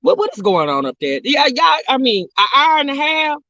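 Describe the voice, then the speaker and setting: A woman vlogger telling a story to her viewers in a sassy, drawling, animated way, calling them honey and girl. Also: high voice, a little fast, no echo, dull audio. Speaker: vlog host.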